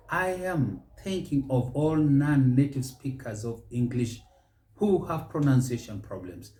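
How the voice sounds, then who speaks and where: A man with a Kenyan accent hosting a pronunciation lesson, speaking slowly and deliberately and stretching key words. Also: mid-range voice, mellow. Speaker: show host and English pronunciation teacher. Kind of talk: measured spoken lesson. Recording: echoey room.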